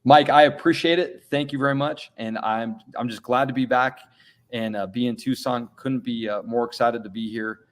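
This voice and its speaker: A man's voice: medium pitch, normal speed. A middle-aged man, a college basketball coach, giving earnest, plain-spoken interview answers and often repeating words as he thinks.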